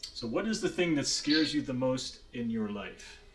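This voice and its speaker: A man's voice: mid-range voice, expressive, moderate pace, a bit bright, faint music behind. A man narrating as dungeon master, loose and swearing, laughing often, with faint hiss behind. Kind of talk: narrating a tabletop game.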